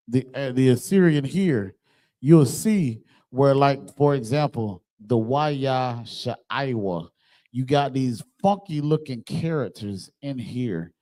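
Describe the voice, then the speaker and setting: A man's voice: mid-range voice, a little mellow. A man, teaching an online class over a computer microphone in an emphatic manner and often checking that his listeners follow. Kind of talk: online scripture class with screen sharing.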